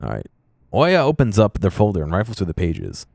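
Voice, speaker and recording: A man's voice: low voice, huge pitch swings, a little fast, creaky, a little mellow, no echo, studio quality, heavily acted. A man voicing a lost, nervous young female trainee administrator in a video game, with a Scandinavian accent and a timid, hesitant way of talking. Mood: anxious.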